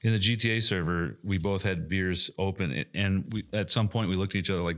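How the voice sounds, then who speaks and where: A man chatting casually on a podcast, relaxed, laughing often and swearing freely. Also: deep voice, fairly quick. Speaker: airsoft park staff, podcast regular.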